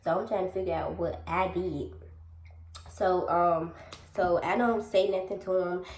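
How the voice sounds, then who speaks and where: Young woman, low voice, casual storytelling, talks to viewers, echoey room. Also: fairly even intonation, a little slow, darkish tone. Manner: chatty, addresses viewers directly, acts out dialogue. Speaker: vlogger.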